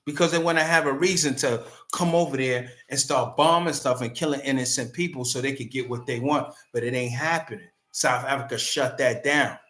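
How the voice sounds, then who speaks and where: Man, slangy reaction commentary, bright forceful voice, roomy echo. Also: medium pitch, a little fast, few pauses. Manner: loud, slangy, animated, repeats himself.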